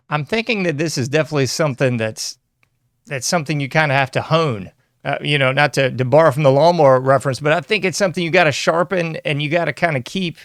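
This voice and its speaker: A man hosting a podcast, chatting casually and relaxed with his guest. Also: fairly high pitch, dry recording, studio quality. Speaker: podcast host. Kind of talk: casual interview chat.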